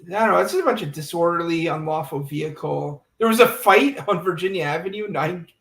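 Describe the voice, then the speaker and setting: A man's voice: a little high, fairly quick, creaky, a bit bright, reverberant. A man co-hosting a casual livestream, reading local news items with amused asides. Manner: reads police blotter with amused asides. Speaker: livestream co-host.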